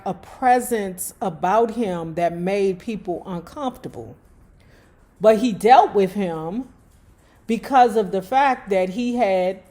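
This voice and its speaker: A woman's voice: mid-range voice, dark tone. A woman reading a memoir aloud at her own pace, breaking off for blunt, profane asides. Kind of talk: book reading with casual commentary.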